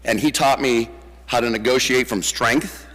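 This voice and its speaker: A man telling lively stories at a memorial, acting out the quoted voices. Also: mid-range voice, moderate pace. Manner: animated storyteller, acts out the quoted voices. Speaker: eulogy speaker. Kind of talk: storytelling memorial tribute. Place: church sanctuary. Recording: long church reverb.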